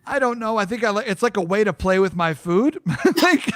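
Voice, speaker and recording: Male podcast host, high voice, dry close sound, rambly and self-deprecating. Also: very animated, moderate pace, fairly bright tone, no echo. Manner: chatty, self-mocking, rambling with restarts. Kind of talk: casual chat.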